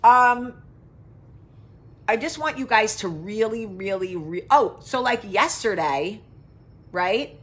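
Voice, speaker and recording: A woman's voice: medium pitch, animated, slow, pauses often. Chatty, swearing woman talk show host. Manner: chatty, tangential, swears freely; reads out and answers viewer comments. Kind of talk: casual live chat to viewers.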